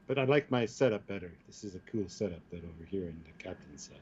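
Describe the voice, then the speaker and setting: A man's voice: deep voice, expressive, quick pace, darkish tone, muffled recording, a little hiss or hum. A drunk English man co-hosting a livestream, laughing and jumping between silly put-on accents. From England. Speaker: co-host.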